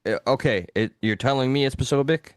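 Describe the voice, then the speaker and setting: A man's voice: medium pitch, fast, smooth, no room sound, clean studio sound. A man co-hosting a call-in talk show, teasing and cracking jokes. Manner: teasing, wisecracking. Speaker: co-host. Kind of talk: casual call-in show banter.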